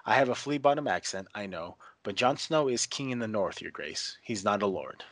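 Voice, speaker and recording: A humble older knight speaks plainly and apologetically, read by a man. The voice is lowish and dry. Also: lively intonation, normal speed, fairly bright tone, dry recording. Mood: plainspoken.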